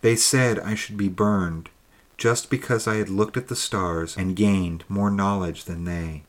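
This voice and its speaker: A man reading the lines of a young woman's ghost, once burned as a witch, in a soft, intimate, pleading way. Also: low voice, fairly even intonation, a little slow. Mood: sorrowful.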